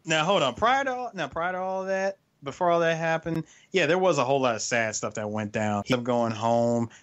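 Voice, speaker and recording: Animated man retelling a show. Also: moderate pace, muffled recording. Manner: animated, acts out lines with big pitch swings. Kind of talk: casual chat recapping a show.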